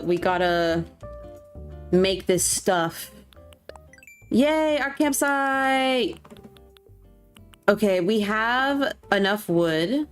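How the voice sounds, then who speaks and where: A woman, streaming a game and chatting casually, gushing and poking fun at herself. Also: medium pitch. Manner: chatty, gushing, self-mocking. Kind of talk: casual chat while gaming.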